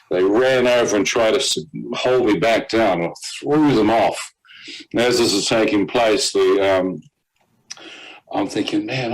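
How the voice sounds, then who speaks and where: A man's voice: on the low side, rough recording. Man telling a dramatic personal story. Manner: animated storyteller, quotes others in character, laughs at himself. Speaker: guest telling his testimony.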